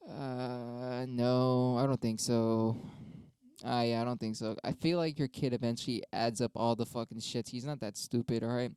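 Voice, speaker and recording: A man's voice: medium pitch, fairly even intonation, moderate pace, a little mellow, smooth, no room sound. Profane young man rambling solo. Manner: profane, rambling, argues both sides with himself. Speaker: streamer answering debate prompts. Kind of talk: casual solo monologue.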